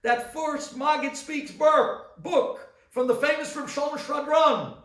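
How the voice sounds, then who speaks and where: A rabbi giving an inspirational talk, telling stories dramatically and swinging between loud bursts and hushed asides. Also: male voice, very high voice, steady tone, slow, echoey room, distant mic.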